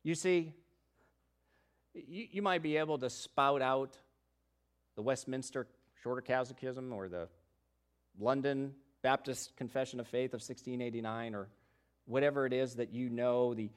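A man preaching a sermon who moves from hushed, low passages to loud, emphatic ones and voices the doubts of biblical figures. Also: measured pace, long pauses. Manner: acts out the voices of doubters in scripture. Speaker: pastor.

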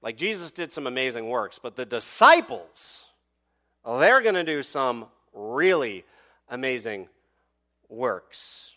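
Bright-voiced man preaching a sermon. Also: medium pitch. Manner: expressive preaching with dramatic pauses and rhetorical questions. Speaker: pastor.

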